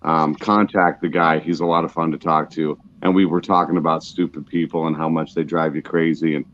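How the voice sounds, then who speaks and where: A man's voice: rumbling low, flat delivery, a little fast, fairly bright tone, dull audio. A man co-hosting a podcast, chatting casually with dry, wordy remarks. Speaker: podcast co-host. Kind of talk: casual chat.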